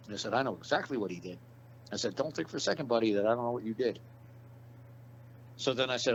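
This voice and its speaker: A man's voice: medium pitch, fairly bright tone. A man telling a long story in a casual interview, rambling and swearing, acting out the lines of the people he quotes. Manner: rambling, profane, acts out quoted dialogue. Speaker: interview guest. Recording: dull lo-fi audio with faint hum.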